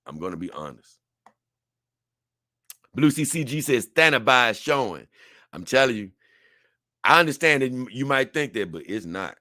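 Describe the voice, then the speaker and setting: Young male streamer, bright and forceful, dry close mic, reads chat and rambles with laughs. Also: mid-range voice, animated, a little slow, dry recording. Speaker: livestream host reading viewer comments. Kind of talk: casual livestream chat.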